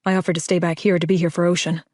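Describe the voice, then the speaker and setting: A woman's voice: fairly low pitch, level tone, very fast, darkish tone, no echo, studio quality. A woman reading a first-person audiobook, with a wry, conversational delivery. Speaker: audiobook narrator.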